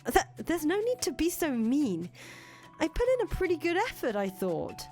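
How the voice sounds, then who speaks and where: A woman's voice: high voice, huge pitch swings, moderate pace, a little mellow, faint music behind, voice pushed up. A woman voicing an earnest young foreign traveler who talks chattily and stammers when she gets nervous, in a fan voice acting of a visual novel. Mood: flustered.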